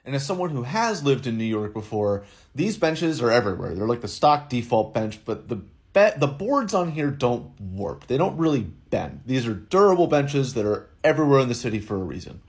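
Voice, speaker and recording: A man's voice: medium pitch, a little mellow. A man giving an explanatory video commentary, methodical and reasoning step by step. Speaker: online commentator.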